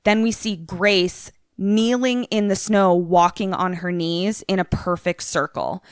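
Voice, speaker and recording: A young woman chats her way through a movie trailer on a podcast, piling up fillers as she goes. Her voice sits a little low and sounds smooth and clean. The recording is dry and close, with no room sound. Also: a little slow, no echo. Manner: chatty, filler-heavy, lots of "like". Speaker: podcast co-host. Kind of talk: casual retelling of a trailer.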